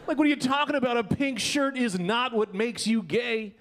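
A man's voice: extremely high pitch, fairly quick, hardly any pauses. A man performing a loose, rowdy stand-up comedy set in a comedy club, acting out quotes. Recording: comedy club with loud crowd laughter.

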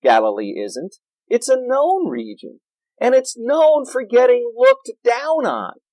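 A man preaching a sermon in a church, animated and playful, with jokes and asides. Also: very high voice, slow, no echo, poor audio. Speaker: pastor.

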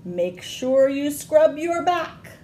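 A woman's voice: sits high, big pitch swings, takes it slowly, dark tone, reverberant, a little hiss or hum, voice pushed up, full character voice. A woman voicing a cheerful, bossy pirate mother with a sing-song, emphatic delivery in a storybook reading. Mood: cheery.

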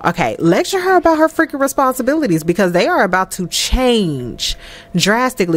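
A woman giving chatty, animated let's-play commentary over a life-sim game, laughing often. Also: fairly high pitch, a little fast. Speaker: gameplay commentator.

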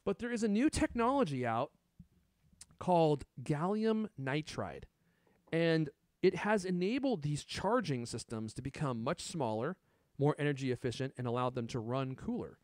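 Man, podcast host, casual tech chat, slightly high voice, dry close sound. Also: moderate pace, dry recording. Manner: excited, shows gadgets on camera.

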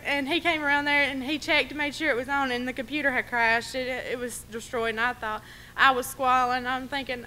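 A woman telling personal stories at a memorial service, fighting back tears, rambling and quick to laugh. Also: high-pitched, steady tone, bright, forceful tone. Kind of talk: personal remembrance speech.

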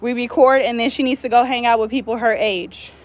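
A woman's voice: on the high side, fairly even intonation, fairly quick. A woman vlogging at home as she shows off fresh braids, chatty and teasing, full of slang. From California Bay Area. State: out of breath. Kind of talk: casual chat to camera.

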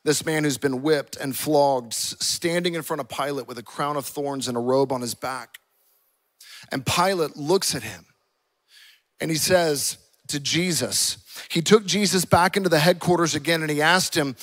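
A man's voice: on the high side, moderate pace, fairly bright tone. A male pastor delivering an impassioned sermon and acting out scripture dialogue. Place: church auditorium.

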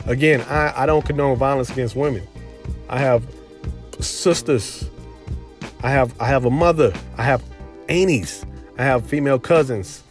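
A man vlogging, telling a personal story in a casual, animated way with lots of "you know" fillers, as a commentary host. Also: mid-range voice, normal speed, long pauses, faint music behind. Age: adult with daughters. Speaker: video host.

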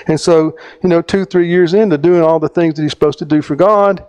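A middle-aged man, a theologian, telling a story in a talk, halting and restarting, his voice climbing sharply when he acts out his own lines. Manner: animated storyteller, voice climbs high when quoting himself; halting phrasing, restarts mid-sentence. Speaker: theologian speaker.

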